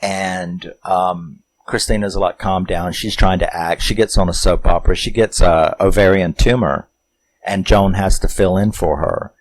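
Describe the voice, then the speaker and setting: A man, casually retelling a film's plot in a rambling, animated way with chuckles. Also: sits low, slight background noise, rough recording. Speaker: movie review host. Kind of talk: casual film recap.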